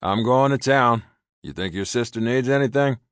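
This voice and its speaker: A man voicing a gruff, suspicious older ranch hand. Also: deep voice, animated, moderate pace, dry recording, studio quality, pitched above the performer's own voice.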